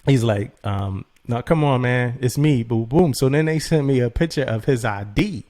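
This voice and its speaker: A man co-hosting a podcast, telling a story in a loose, animated way, acting out text messages and laughing often. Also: medium pitch, moderate pace. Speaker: podcast co-host. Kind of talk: casual podcast chat.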